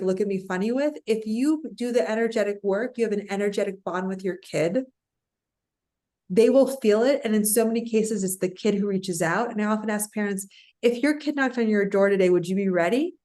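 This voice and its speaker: Woman, coach, podcast guest; mid-pitched and animated, acts out quoted clients. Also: normal speed. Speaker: parental alienation coach.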